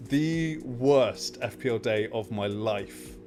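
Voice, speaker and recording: A man hosts a casual live stream at a mid-range pitch, his voice jumping up as he tells an exasperated story. He rambles with lots of filler words, and faint music plays underneath. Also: moderate pace, darkish tone.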